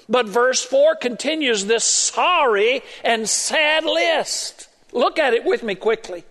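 A male pastor preaches with extreme emphasis, his voice pitched extremely high, expressive and a bit bright. He draws out the key words he stresses. The recording carries the long reverb of a large hall.

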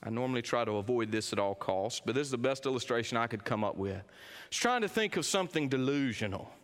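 A middle-aged man preaching a sermon, swinging between quiet, low lines and raised, emphatic ones. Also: animated, fast talker. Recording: long reverb of a big hall.

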